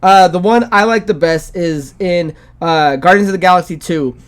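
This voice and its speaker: Guy hosting a gaming podcast, kinda high voice, rambly and loose. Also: moderate pace, clear, resonant tone. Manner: rambling, many fillers and restarts. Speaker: podcast host. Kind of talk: casual podcast chat.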